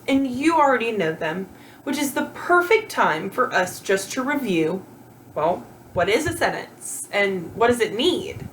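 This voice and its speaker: A woman's voice: fairly high pitch, slight background noise, rough recording. A woman teacher giving a grammar lesson to children, encouraging and asking questions as she goes. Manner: animated, encouraging, asks rhetorical questions.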